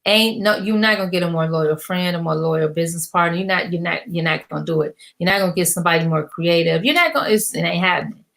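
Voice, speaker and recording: A woman's voice: on the low side, quick pace, creaky, few pauses, fairly bright tone. A middle-aged woman coaching her viewers in an emphatic, preachy motivational rant, casual and full of slang and repetition. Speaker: business coach.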